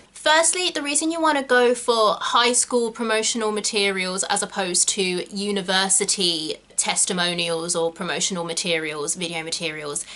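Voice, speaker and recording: A young woman giving acting advice in a chatty, animated way, darting off on quick tangents. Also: mid-range voice. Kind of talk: casual talk to camera.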